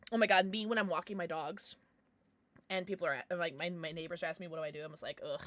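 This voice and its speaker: A young woman with a lowish voice talks fast over live gameplay, chatting casually with her viewers in a dry recording. Excitable by nature, she shrieks when startled and afterward becomes chatty and apologetic.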